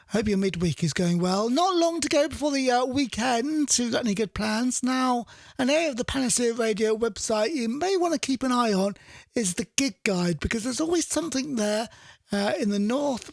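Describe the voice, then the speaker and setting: A man's voice: extremely high pitch, gravelly, dry recording. A man hosting a radio music show, chatting casually, thinking aloud and correcting himself as he goes, at a studio microphone. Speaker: radio DJ host.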